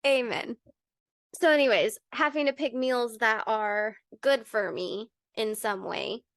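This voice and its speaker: A young woman co-hosting a podcast with her mother, telling personal stories openly and with an animated, laughing manner. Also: on the high side, takes it slowly, no room sound, clean studio sound. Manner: open, animated storytelling with laughs. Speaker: podcast co-host. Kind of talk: candid podcast conversation.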